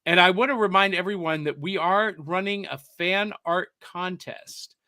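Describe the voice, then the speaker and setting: Bright-voiced playful male podcast host. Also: sits high, normal speed. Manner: playful, breaks into a mock newsreel announcer voice. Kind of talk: casual chat reading viewer comments.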